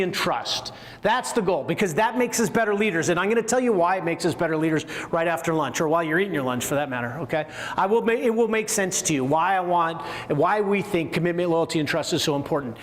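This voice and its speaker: A middle-aged man, a former Air Force group commander, giving a conversational leadership lecture and asking the audience questions. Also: high-pitched. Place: room with a seated audience. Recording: long hall reverb.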